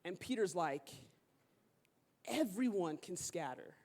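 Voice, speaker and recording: A woman's voice: lowish voice, a little slow. A woman preacher telling a story in a sermon, casual and slangy, acting out the people she quotes. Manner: animated, slangy, acts out quotes. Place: church sanctuary.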